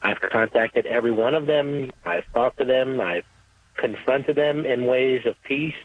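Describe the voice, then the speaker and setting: A man's voice: medium pitch, a little slow. A man calling in to a radio show, speaking earnestly with faltering restarts. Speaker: caller. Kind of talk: call-in radio talk. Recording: tinny phone line.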